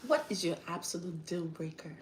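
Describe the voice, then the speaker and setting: A woman's voice: lowish voice, lively intonation, brisk, echoey room, a little hiss or hum. A woman with an African accent hosting a casual livestream chat, often breaking into laughter and acting out the voices she quotes. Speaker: livestream host.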